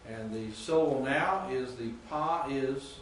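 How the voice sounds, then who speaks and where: A man teaching a classroom lesson, picked up from a distance in a very echoey room with faint background noise. He speaks haltingly, repeats words and keeps quizzing his students. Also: mid-range voice. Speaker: Greek teacher. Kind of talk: classroom lecture. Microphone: distant room mic.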